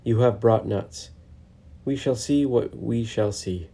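A man voicing a wise old male squirrel elder who speaks calmly and with gentle formality. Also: medium pitch. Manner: calm, measured, gently formal.

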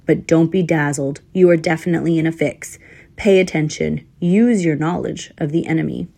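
A woman's voice: fairly even intonation, a little fast, gravelly, a little mellow. A woman voicing a flustered little male squirrel, muttering to himself. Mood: urging himself. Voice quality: squeaky when frightened. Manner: talks to himself in anxious, thinking-aloud bursts. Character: clever flustered male squirrel caught by a hawk. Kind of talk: storybook character voice.

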